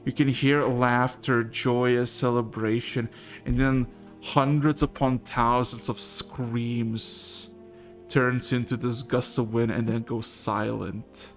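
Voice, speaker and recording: Slow, laid-back game master man. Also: mid-range voice, flat delivery, soft background music. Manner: laid-back, swears casually while describing scenes. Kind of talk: narrating a tabletop game.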